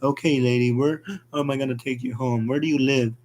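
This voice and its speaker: A man voicing a kindly older driver, a widower who chats gently. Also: medium pitch, fairly even intonation, fairly quick, a little hiss or hum, close to an everyday voice. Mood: gentle.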